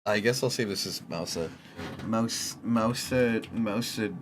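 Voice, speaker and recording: A streamer chatting casually with their chat while drawing, teasing viewers and breaking into sudden high squeaks. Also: measured pace, background noise.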